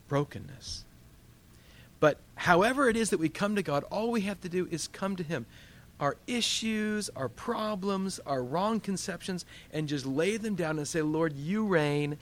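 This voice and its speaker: Man, pastor type, leading a casual Bible study. Lively delivery with a voice a touch high, asks questions, acts out inner dialogue. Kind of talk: conversational Bible teaching.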